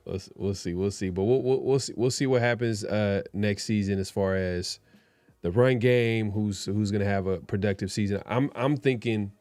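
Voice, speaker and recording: A man's voice: fairly low pitch, moderate pace, darkish tone, no room sound. Laid-back man co-hosting, dry sound. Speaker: co-host. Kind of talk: casual sports talk.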